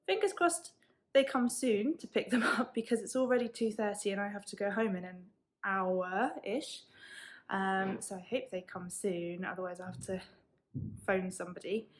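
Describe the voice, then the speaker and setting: A woman talks through a sewing subscription box in a casual, chatty vlog. She speaks quickly and slips in quick apologies. Her pitch sits mid-range. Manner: chatty, fast-talking, apologetic asides.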